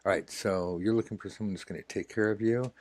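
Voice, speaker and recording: Low-voiced man hosting a jokey tarot game. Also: steady tone, quick pace, a little mellow, no room sound, clean studio sound. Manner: jokey, rambling, breaks into laughter. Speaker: host of a tarot lesson. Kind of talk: playful role-play game chat.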